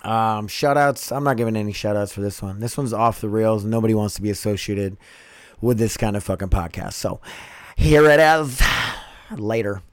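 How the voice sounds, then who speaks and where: A man's voice: lowish voice, steady tone, a little fast, no room sound. Rambling man on a dry podcast mic. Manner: rambling, loose, keeps saying "you guys" and "dude". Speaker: podcast host. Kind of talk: casual late-night podcast monologue.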